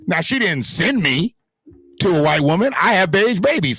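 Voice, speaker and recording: Guy ranting live on his stream, cussing a lot, voice swings all over, pretty high, dry close mic. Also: fairly bright tone, dry recording. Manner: profane, fiery and emphatic. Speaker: livestream host. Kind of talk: heated unscripted livestream rant. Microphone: desktop streaming mic in front of a green screen.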